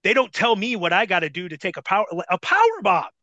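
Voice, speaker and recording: A man, a former wrestler, casually telling a profane, animated story as a podcast guest. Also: sits high, racing, no room sound, highs cut off.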